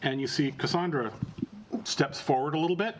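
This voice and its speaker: A man narrating a tabletop role-play game as game master, relaxed and halting with fillers. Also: a little high, background noise.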